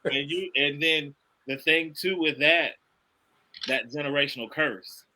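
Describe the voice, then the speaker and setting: A man's voice: a little high, a little slow, sharp tone, rough recording. A middle-aged man speaking earnestly in casual conversation, repeating his points with emphasis like a preacher. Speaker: podcast guest, father.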